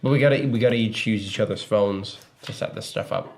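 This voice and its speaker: A man with a low, gravelly voice chats loosely on a podcast and drops dry, teasing comments. His delivery is relaxed and conversational. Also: fairly quick. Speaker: podcast co-host. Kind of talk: casual chat.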